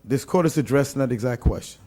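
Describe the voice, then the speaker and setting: A man from Louisiana serving as city attorney, giving a formal legal presentation and reading court opinions aloud in a deliberate way with frequent fillers. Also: medium pitch, mellow. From St. Landry Parish, Louisiana.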